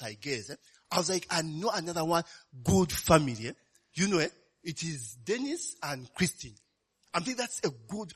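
A man preaching in a conversational, animated way, often tagging lines with "eh?". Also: high-pitched. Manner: conversational, keeps asking "eh?" and "you know". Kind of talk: sermon.

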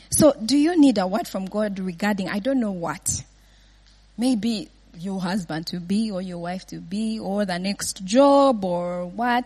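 A woman's voice: mid-range voice, a little mellow. A woman giving an informal Bible teaching, often laughing and checking in with her listeners with "yeah?" and "right?".

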